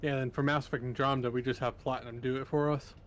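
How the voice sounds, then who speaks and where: A man in casual gameplay chat as a co-player, relaxed and offhand, with lots of "like". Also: medium pitch, fast talker. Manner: relaxed, offhand, uses "like" a lot.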